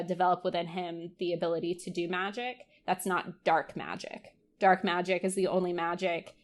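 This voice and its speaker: Chatty young woman podcast co-host. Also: fairly low pitch. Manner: chatty, many "like" and "um" fillers. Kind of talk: casual chat.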